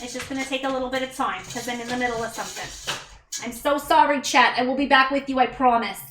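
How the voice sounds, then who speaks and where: This woman, a livestreamer and mother, cooks at home while chatting with viewers, naming them as she thanks them and slipping in self-deprecating remarks. She talks fast in a high, slightly bright voice, far from the mic and a bit off-mic, in an echoey kitchen with soft music behind her.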